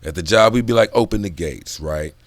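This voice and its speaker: A man's voice: low voice, brisk, no echo. A man in casual, profane book commentary, drifting off on tangents and laughing between thoughts. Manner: loose, profane, digressive talk.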